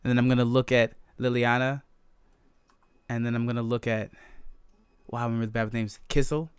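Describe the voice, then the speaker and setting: A man's voice: medium pitch, little pitch movement, fairly quick, clean tone. A man playing a tabletop game, joking around and thinking aloud with hesitations. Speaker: player.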